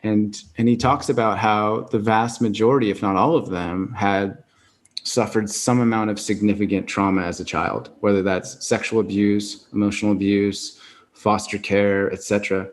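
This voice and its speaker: A man's voice: lowish voice, steady tone, normal speed. A man hosting a podcast interview, reflective and thoughtful, summing up what his guest says. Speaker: podcast host. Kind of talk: conversational interview.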